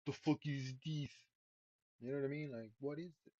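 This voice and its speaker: A man's voice: fairly high pitch, fairly even intonation, normal speed, darkish tone. A man giving casual live commentary while streaming a game, laid-back and profane, sighing often. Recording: dull lo-fi stream mic.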